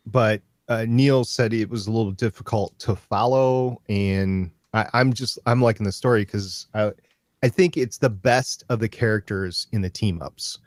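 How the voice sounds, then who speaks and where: Male podcast host, lowish voice, dry sound, rambling and enthusiastic. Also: normal speed, a little mellow, dry recording. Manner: rambling, stop-start, enthusiastic. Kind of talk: casual podcast chat about comics.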